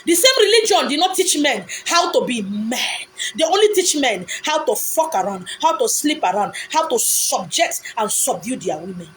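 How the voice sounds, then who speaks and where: Emphatic Nigerian woman, high voice. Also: sing-song, normal speed, few pauses, a bit bright, a little hiss or hum, rough recording. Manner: emphatic and preachy, rhetorical questions and answers; repetitive, insistent phrasing with pidgin asides. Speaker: speaker giving a monologue. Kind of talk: impassioned monologue.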